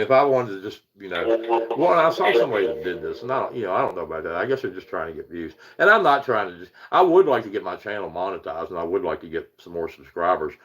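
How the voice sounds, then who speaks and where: A man with a rural Virginia hill accent talks casually to a livestream audience, in a somewhat low voice. He rambles, restarts, and chuckles as he greets viewers by name. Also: a bit bright, poor audio. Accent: Appalachian Virginia hill accent. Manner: rambling, chuckling, reads out chat names. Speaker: paranormal livestream host.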